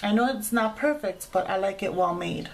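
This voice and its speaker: A woman's voice: mid-range voice, normal speed, creaky, slight background noise. A woman hosting a craft tutorial, chatting casually as she explains each sewing step with frequent fillers.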